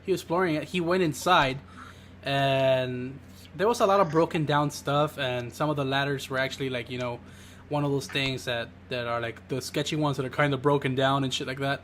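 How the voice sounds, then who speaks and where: A man's voice: mid-range voice, fairly even intonation, brisk, fairly bright tone, slight background noise. A man on a casual podcast, telling a secondhand story in a rambling way full of hedges and restarts. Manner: rambling, hedging, with many "basically"s and restarts. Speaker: podcast co-host.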